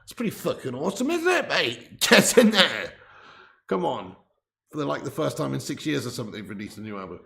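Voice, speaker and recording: Brief: male livestream host, gravelly voice sitting a bit high, jokey banter with chat, roomy echo. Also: big pitch swings, fairly quick, a bit bright. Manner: jokey, laughing, swearing banter. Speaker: livestream host of a football watch-along. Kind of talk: casual livestream chat reading viewer messages. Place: temporary setup on a trip in Spain.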